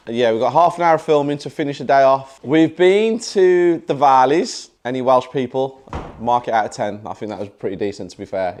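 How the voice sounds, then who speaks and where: A British man chatting casually in a vlog, upbeat and joking, talking in quick bursts. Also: medium pitch, darkish tone. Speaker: property investor vlogger.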